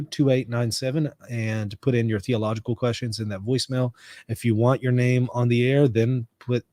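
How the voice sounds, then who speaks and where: A man's voice: medium pitch, darkish tone, no room sound, studio quality. A man from the United States hosting a casual livestream, reading out chat comments and riffing on them. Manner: conversational, reads chat comments aloud and riffs on them. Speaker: livestream host.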